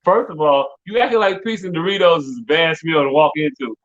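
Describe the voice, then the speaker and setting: Middle-aged man, podcast co-host, loose profane storyteller; a bit high-pitched, dull lo-fi recording. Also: expressive, brisk, a bit bright. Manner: rambling storyteller, profane, repeats "hey, look". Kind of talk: casual comedic chat. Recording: dull lo-fi sound.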